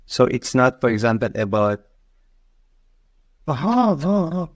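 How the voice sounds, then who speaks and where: A man's voice: medium pitch, big pitch swings, unhurried, dry recording. A man learning English, hesitant and searching for words in a conversation lesson. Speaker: English student.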